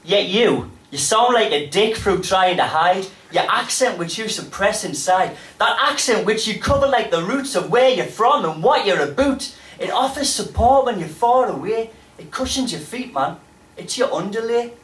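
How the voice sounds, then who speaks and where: Geordie poet performing live, dramatic bursts. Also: male voice, sits high, lively intonation, moderate pace, recorded from a distance. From North East England. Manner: dramatic delivery with sudden loud bursts. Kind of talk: live spoken-word poetry performance. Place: pub venue with a live audience. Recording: roomy live pub recording from afar.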